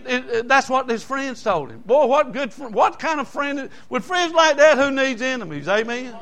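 A man, preaching a folksy, animated sermon. His voice sits high and sounds bright and forceful. He slips homespun asides in between the scripture stories. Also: unhurried, creaky. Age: 60s.

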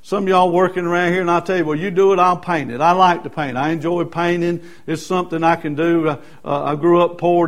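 Baptist pastor, high voice, preaching hard, repeats himself, lots of uhs. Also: male voice, flat delivery, fairly quick, hardly any pauses. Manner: emphatic preaching with repetition and fillers. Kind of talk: sermon.

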